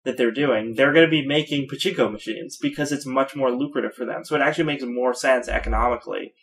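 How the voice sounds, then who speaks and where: A man co-hosting a gaming podcast in casual chat, opinionated and quick to laugh. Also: medium pitch, a bit bright. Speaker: podcast co-host.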